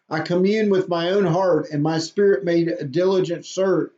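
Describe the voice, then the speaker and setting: A man's voice: high-pitched, dark tone. A man, a pastor reading a psalm aloud and then explaining it plainly in a short devotional talk. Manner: reads scripture slowly, then explains plainly. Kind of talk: devotional Bible reading and commentary. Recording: dull lo-fi audio.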